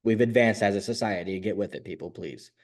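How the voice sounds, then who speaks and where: A man co-hosting a casual sports podcast, talking in quick, opinionated bursts and jumping into high mocking voices now and then. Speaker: podcast co-host.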